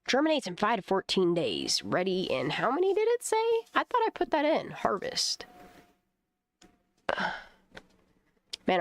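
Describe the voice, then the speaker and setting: At home, a channel host with a gravelly voice chats casually while planning a garden. She swears freely and slips into sweet, high baby talk with her cat.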